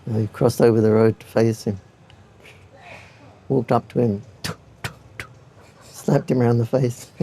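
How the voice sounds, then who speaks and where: A man's voice: medium pitch, steady tone, measured pace, creaky, long pauses, mellow. An older man giving an anecdotal spiritual talk to devotees, chuckling often as he tells his stories.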